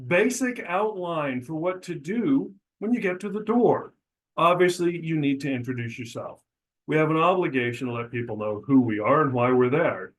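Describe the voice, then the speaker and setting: A middle-aged man, a real estate broker, teaching agents how to introduce themselves at the door, acting out sample lines as he goes. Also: rough recording. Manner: coaching, demonstrates scripts aloud with pitch changes. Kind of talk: instructional talk.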